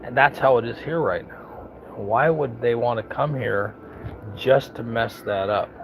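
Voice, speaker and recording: In a low-quality recording with a crowd audible behind him, a gravelly-voiced American man of about fifty or sixty tells stories as a home vlogger. He speaks at mid pitch and an unhurried pace, his casual monologue blunt, folksy and now and then profane.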